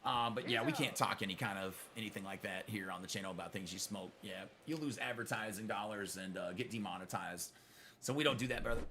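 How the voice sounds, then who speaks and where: A man's voice: fairly low pitch, quick pace, sharp tone, a little hiss or hum. A middle-aged man hosting a live gaming stream, chatting with viewers he calls brother, blunt and profane when answering trolls, close to his microphone. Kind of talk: live stream chat while playing.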